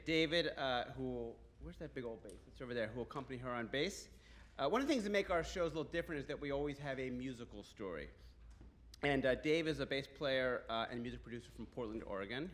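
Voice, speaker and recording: A man's voice: medium pitch, sharp tone. A man hosting a live storytelling show, introducing the next performers in a chatty way. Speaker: host.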